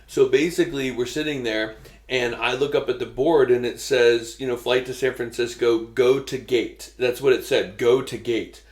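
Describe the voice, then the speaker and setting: A man's voice: medium pitch, fairly even intonation, normal speed. A man co-hosting a podcast, telling a travel story in a laid-back, teasing way. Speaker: podcast co-host. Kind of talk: casual storytelling chat. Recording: roomy echo.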